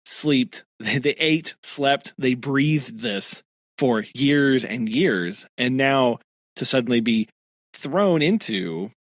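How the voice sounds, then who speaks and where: A man's voice: medium pitch, lively intonation, slow pace, dry recording. A man co-hosting a casual book discussion, chatty and laughing often as he quotes the characters. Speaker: podcast co-host.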